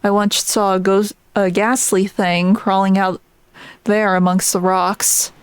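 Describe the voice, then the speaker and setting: Reading a game's lines for a grim old fisherman bent on vengeance, this woman keeps her natural speaking voice and delivers them plainly, halting here and there. Her medium-pitched voice is flat and smooth, close to everyday speech, with no echo.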